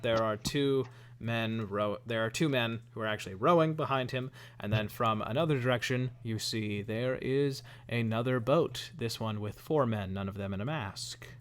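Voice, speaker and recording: A man narrating as game master, relaxed and self-deprecating, with lots of ums. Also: mid-range voice, normal speed, hardly any pauses.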